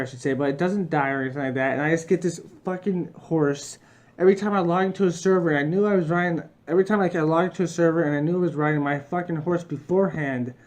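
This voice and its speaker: A man's voice: a little high, a little mellow. Swearing, ranting man reviewing a game. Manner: heavy swearing, ranting, frustrated; rambling with frequent restarts. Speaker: gaming video reviewer. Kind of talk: casual game review rant.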